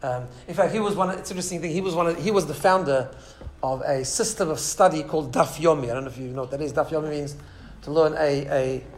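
Fast-talking rabbi teaching a class. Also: male voice, fairly high pitch. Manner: animated storyteller, many restarts and asides. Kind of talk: informal Torah class talk.

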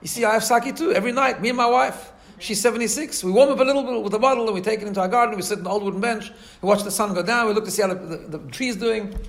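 Guy reading a story doing a kindly old man in his seventies, higher voice, chatty like a dad. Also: very fast, few pauses. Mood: friendly. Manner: warm, fatherly, chatty.

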